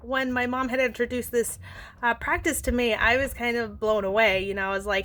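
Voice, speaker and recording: A woman vlogger talking gently and earnestly to camera, walking through a forgiveness practice with many fillers and restarts. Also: a little high, steady tone, a little fast. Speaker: self-help vlogger. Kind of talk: casual instructional talk to camera.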